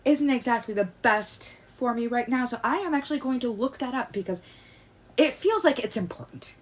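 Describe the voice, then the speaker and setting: A woman vlogger ranting in heated commentary. She stammers through restarts and swings from loud outbursts to quiet muttering. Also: on the high side, lively intonation, normal speed. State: agitated.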